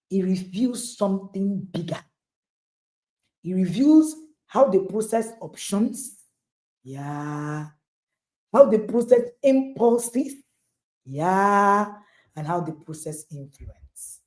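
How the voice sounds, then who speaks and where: A middle-aged woman with a Nigerian accent speaks to parents in an emphatic, motivational talk. Her pitch rises and falls with great liveliness, and her tone is mellow and warm rather than bright. She repeats key lines for stress and speaks straight to her listeners.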